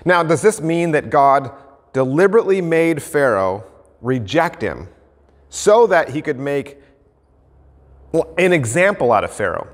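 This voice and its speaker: Brief: male pastor, conversational sermon, slightly high voice, long hall reverb. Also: sing-song, measured pace, pauses often. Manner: conversational, illustrates points with everyday stories and role-play.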